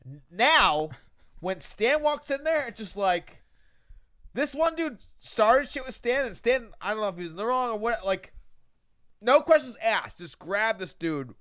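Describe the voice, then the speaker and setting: Young male co-host, high and smooth voice, animated storyteller who acts out others' lines. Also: unhurried. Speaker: podcast co-host. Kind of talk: casual chat.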